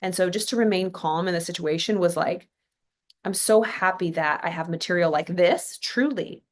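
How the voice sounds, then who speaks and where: A woman from California talks in a slightly lower register. She hosts a casual motivational podcast. She tells her stories chattily, with lots of "um" and "like" and little asides along the way. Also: moderate pace. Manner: chatty storytelling, many fillers and asides. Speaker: podcast host.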